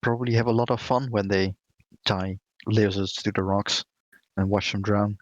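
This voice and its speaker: A man's voice: on the low side, steady tone, moderate pace, no room sound, highs cut off. A man playing a tabletop game, making dry, wry jokes. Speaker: player.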